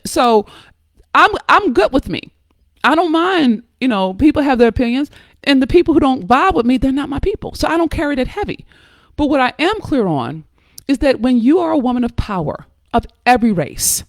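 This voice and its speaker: An outspoken woman from the United States gives a motivational talk with a fairly high voice, pressing her points hard and tossing in curses. She keeps checking in with her listeners and restarts words as she goes. The sound is dry and close, with no room around it. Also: dry recording. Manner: emphatic and preachy, frequent "okay?" and "right?" check-ins; blunt, curses freely. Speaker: host giving advice to women.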